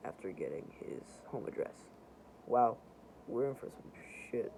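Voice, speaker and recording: Man reading his own comics aloud, rambly and self-correcting, mellow tone with lots of pitch swing. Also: very animated, moderate pace, gravelly, a little hiss or hum, poor audio. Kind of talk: casual read-through of homemade comics.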